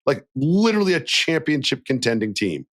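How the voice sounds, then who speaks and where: On a laid-back basketball podcast, a co-host with a mid-range voice talks fairly quickly and with lots of energy. He performs made-up lines that players might say.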